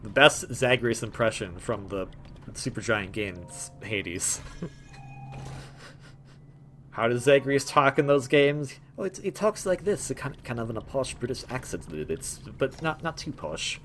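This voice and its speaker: A man's voice: medium pitch, expressive, measured pace, a bit bright, a little hiss or hum. A young man hosting a gameplay video, rambling in a jokey way with lots of stammers and restarts. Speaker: gaming video host. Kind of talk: casual gameplay commentary.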